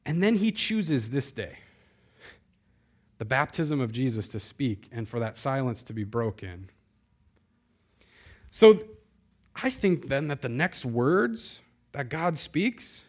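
A man's voice: mid-range voice, sing-song, takes it slowly, long pauses. A man preaching a sermon as pastor, talking conversationally and speaking directly to the congregation. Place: church before a live congregation.

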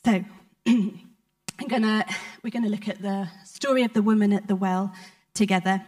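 A woman from the United Kingdom speaks to a church congregation, recounting a personal testimony. She talks at an ordinary, mid-range pitch in a sincere, conversational way. Her speech is sprinkled with soft hesitations as she tells the story. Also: steady tone, moderate pace. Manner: personal, heartfelt testimony with frequent ums. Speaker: preacher. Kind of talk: sermon storytelling.

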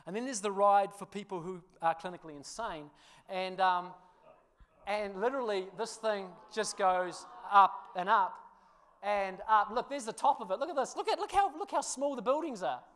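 A man preaching, telling a funny personal story with laughter before turning to a quieter sermon. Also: sits high, normal speed. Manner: animated storyteller, laughs through the tale, drops quiet for scripture. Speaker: pastor.

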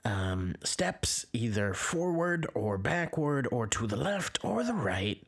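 A man improvising a comedy bit on a podcast, telling a rambling story with a halting, deadpan delivery. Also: mid-range voice, husky.

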